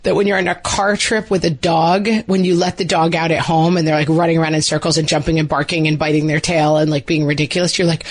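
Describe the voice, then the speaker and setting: This middle-aged woman co-hosts a podcast and keeps the chat casual, packing in "like" fillers and acting out quoted dialogue. Her voice is deep with little pitch movement, and she talks fast with few pauses.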